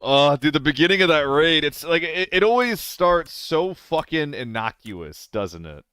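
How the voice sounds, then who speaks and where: A man streaming a game live, chatting casually with viewers, laughing often and swearing when he gets excited. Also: on the high side, moderate pace, hardly any pauses, clear, resonant tone, no room sound. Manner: excitable, laughing and swearing between relaxed chat.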